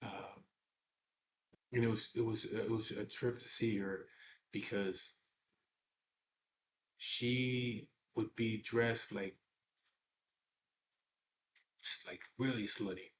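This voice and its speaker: A man's voice: lowish voice, steady tone, slow, long pauses. A middle-aged man, telling a personal story in a blunt, profane, casual way. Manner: blunt and profane, with double negatives. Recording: echoey room with faint background noise.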